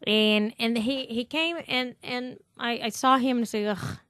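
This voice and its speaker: A woman with a Brazilian accent, a podcast guest telling stories in a laughing, swearing, animated way. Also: fairly high pitch, unhurried, no echo, studio quality. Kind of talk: casual storytelling.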